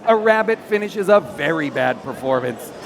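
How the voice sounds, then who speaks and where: A man narrating the stage directions at a live staged reading on a theater stage, lively and playful. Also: a little high, normal speed, slight background noise.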